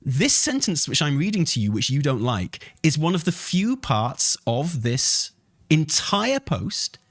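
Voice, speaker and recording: A man's voice: a little high, no echo, clean studio sound. A man streaming live who reads a post aloud and argues with his chat in a heated, profane way. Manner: profane, heated, argumentative, swings to shouting. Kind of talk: live commentary, reading a post aloud and replying.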